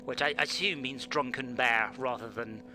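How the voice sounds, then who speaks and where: A British man hosting a live sim-racing stream, chatting casually and bursting into loud shouts at other drivers. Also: medium pitch, normal speed, noisy background. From Britain. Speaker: stream host and server admin.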